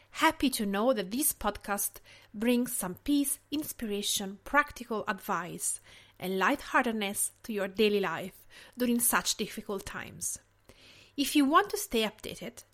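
A woman from Tuscany with an Italian accent, reading her cooking podcast in a gentle, measured way. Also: a little high. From Tuscany, Italy. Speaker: podcast host. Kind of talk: scripted podcast narration.

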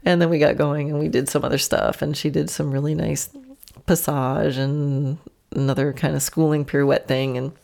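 A woman hosts her podcast with a low voice, telling a story in a relaxed, chatty way. Her tone has a gravelly fry, and she laughs often as she acts out her horse's imagined thoughts. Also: normal speed. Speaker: podcast host and horse trainer. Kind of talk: casual storytelling monologue.

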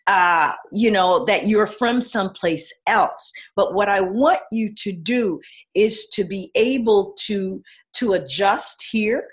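A middle-aged woman from the Caribbean chats through a video call at an unhurried pace. She tells her stories with lots of animation, breaking into laughter and acting out the voices of the people she quotes. Her pitch sits in the middle of the usual range. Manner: animated storyteller, laughs often, acts out quotes. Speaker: actor and educator, interview guest. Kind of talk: casual interview chat.

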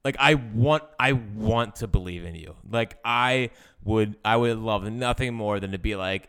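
Smooth low-voiced sports podcast guy. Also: measured pace, few pauses, fairly bright tone. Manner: rambling, frustrated fan talk with laughs. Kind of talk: casual sports chat.

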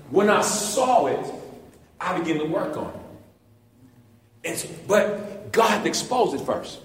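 A male pastor in his fifties preaching a lively, folksy sermon, calling out to the congregation and building to shouts. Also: high-pitched, a little slow, distant mic. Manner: animated, folksy preaching with rising shouts and call-outs to the congregation. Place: large church hall. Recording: echoey hall reverb.

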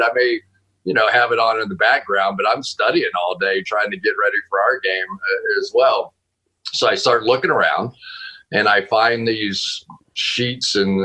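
A man on a video call from home talks casually as a football analyst. His voice is bright and forceful, set a little low. He stays animated, laughs often and restarts his sentences. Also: breathy edge, low-quality recording. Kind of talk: casual storytelling interview.

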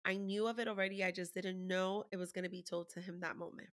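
Woman spilling a raw personal story, bright voice, cusses a lot, talks straight. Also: on the low side, fairly even intonation, quick pace. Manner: raw, emotional, swears freely. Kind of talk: candid conversational storytelling.

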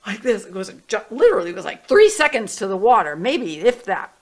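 A middle-aged woman telling a story from her own life as a guest in an interview. She talks in a lively, expressive way and acts out the voices in her head, swinging between hushed and loud. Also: medium pitch, quick pace, few pauses. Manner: animated storyteller, acting out her inner voices. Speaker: guest, healing music artist.

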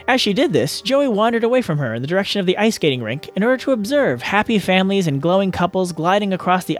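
A man reading a chapter of a novel aloud as a guest reader, in steady storytelling narration. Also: high-pitched.

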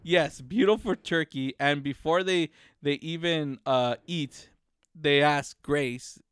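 A man co-hosting a casual podcast chat, animated and laughing often, swearing freely and acting out movie lines. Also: fairly high pitch, slow, smooth, no echo, clean studio sound. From United States. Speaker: podcast co-host.

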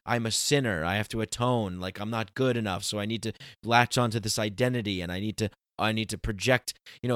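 A man in casual talk, rambling with many restarts and slowing down to stress his points. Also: fairly low pitch, a bit bright, no echo, studio quality. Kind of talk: casual chat.

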